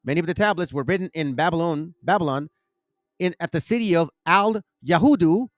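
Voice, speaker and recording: Casting: higher-voiced man, loose bible-study host who trips over names, dry close recording. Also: a little fast, no echo. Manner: rambling, self-correcting, stumbles over names. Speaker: bible teaching channel host. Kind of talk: casual religious teaching and scripture reading.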